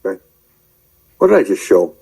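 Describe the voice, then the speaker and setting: A man preaching in a rambling commentary, shouting angry tirades at his listeners and then muttering to himself as he browses his screen. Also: sits low, sing-song, normal speed, vocal fry, slightly rough, poor audio. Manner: addresses listeners directly, calling out believers. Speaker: online preacher.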